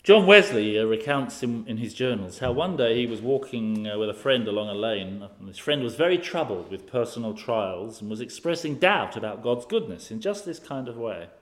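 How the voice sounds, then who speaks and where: A man's voice: mid-range voice, animated, moderate pace, hardly any pauses, a bit bright. A man preaching a sermon, posing rhetorical questions with occasional fillers.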